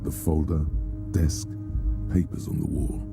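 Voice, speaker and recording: A man's voice: extremely low pitch, level tone, measured pace, creaky, exaggerated voice. A man voicing the mocking inner-voice narrator of a detective video game, over music. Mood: sardonic. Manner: dry, sardonic narration.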